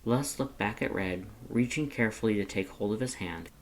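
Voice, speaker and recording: A man with a fairly low voice reads a fan story aloud in a gentle, unhurried manner. A faint hiss of background noise sits beneath his narration. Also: rough recording. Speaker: fanfiction reader.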